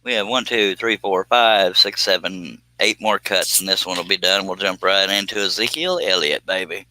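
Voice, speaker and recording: A man's voice: low voice, moderate pace, no echo, rough recording. Sleepy man chatting on a stream. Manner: relaxed, rambling, reads chat comments aloud. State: sleepy, yawning. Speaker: live-stream host. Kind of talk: casual live-stream chat.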